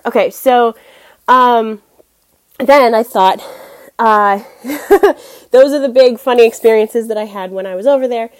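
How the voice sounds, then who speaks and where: A woman's voice: on the high side, unhurried, pauses often. A young woman from the United States telling casual, self-deprecating stories on a podcast, with many fillers and laughs. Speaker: guest podcast host. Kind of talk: casual storytelling monologue.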